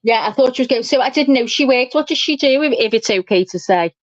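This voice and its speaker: A woman's voice: on the high side, quick pace, dry recording. Chatty woman, lo-fi stream. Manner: chatty, animated storyteller, swears casually. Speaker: livestream host. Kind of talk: casual chat. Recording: dull dry lo-fi stream audio.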